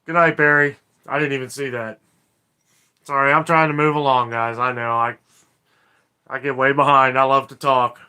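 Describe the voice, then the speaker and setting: A man's voice: medium pitch, steady tone, normal speed, pauses often, sharp tone, smooth. A man hosting a casual live stream, chatting in a rambling way and reading viewer comments aloud. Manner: rambling, chatty, apologetic, laughs often.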